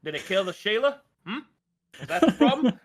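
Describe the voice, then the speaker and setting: A man's voice: high voice, sing-song, a little fast, a crowd in the background, voice pushed up. A man voicing a brash male demon hunter in an Australian accent, talking in drawled slang for a tabletop game. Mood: gruff.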